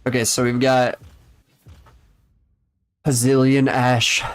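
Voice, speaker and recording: A man's voice: mid-range voice, flat delivery, slow, clear, resonant tone, dry recording, faint music behind. A man streaming a game, chatting casually and rambling along to his viewers. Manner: rambling, chatty, talks to chat. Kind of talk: casual live-stream chat.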